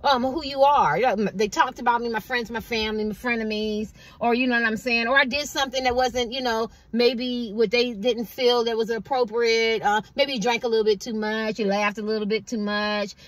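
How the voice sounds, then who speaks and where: Woman, tarot card reader, fairly high voice, casual rambling chat, collective reading. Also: steady tone, a little fast, few pauses, no room sound. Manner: rambling and conversational, repeating "you know what I mean".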